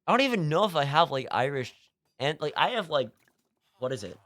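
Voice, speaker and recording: A man's voice: fairly high pitch, very animated, fairly quick, a bit bright. A young man from California chatting casually while streaming a game, rambling with lots of fillers and frequent laughs. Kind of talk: casual gaming stream chat.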